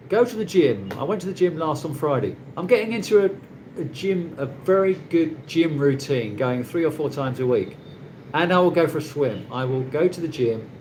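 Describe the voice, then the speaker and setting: Laughing often, an English livestream host rambles through a casual chat with viewers from his Philippine condo. His voice is on the high side and a little mellow, with a little hiss or hum.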